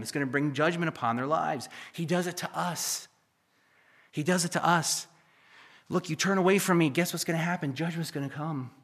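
Preaching man, swinging loud and soft. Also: a little high. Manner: preachy, rises to near-shouting then drops to a hush. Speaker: pastor. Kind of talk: sermon.

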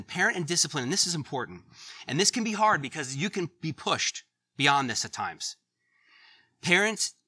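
Middle-aged male preacher, very bright tone, dry close sound, earnest and chatty. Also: fairly high pitch, dry recording. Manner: conversational, earnest, laughs at his own stories. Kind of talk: sermon.

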